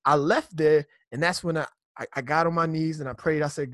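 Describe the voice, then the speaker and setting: A young man from Nigeria telling his faith story in a casual conversation, animated, full of slang and repeated words. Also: on the high side, a little fast, dry recording, studio quality. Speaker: guest. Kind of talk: personal testimony in casual conversation.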